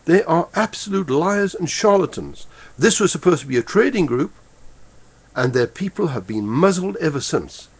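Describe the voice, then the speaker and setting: A man angrily delivering a heated political rant to his webcam, halting and repeating himself as he goes. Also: fairly high pitch, sing-song, slightly rough. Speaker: political commentator. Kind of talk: impassioned political rant to camera. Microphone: webcam microphone.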